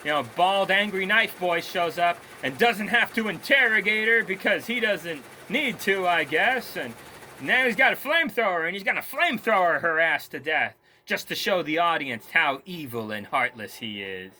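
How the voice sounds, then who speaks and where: A Korean man reviews a movie in a casual, profane video, ranting with scorn and sarcasm. His voice sits high with lively intonation, a bright, forceful tone and a moderate pace, plus a little hiss or hum in the recording.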